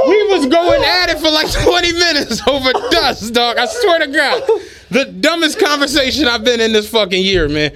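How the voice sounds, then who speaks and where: A man's voice: very high voice, sing-song, moderate pace, loud music behind the voice. A young man on a podcast, animatedly telling a profane, comic story and laughing through it. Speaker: podcast co-host. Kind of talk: casual chat, comic storytelling.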